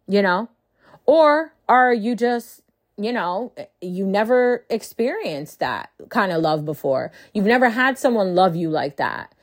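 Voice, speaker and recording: A woman's voice: mid-range voice, expressive, unhurried, no echo. A woman in her thirties talking casually and bluntly, full of profanity and rhetorical "right?" questions, with a close dry sound. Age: 30s. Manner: rhetorical, keeps asking "right?". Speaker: host. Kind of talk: casual monologue.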